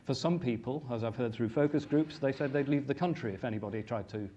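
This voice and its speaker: Measured academic man, dull lo-fi sound. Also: medium pitch, warm tone. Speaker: academic panelist. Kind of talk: conference panel discussion. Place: conference stage. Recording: dull, lo-fi recording with faint noise.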